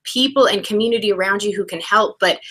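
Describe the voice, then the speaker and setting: A woman's voice: medium pitch, quick pace, a bit bright. A woman in her thirties co-hosting an educational talk show, speaking emphatically and laughing often. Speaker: co-host, educator. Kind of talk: conversational educational podcast.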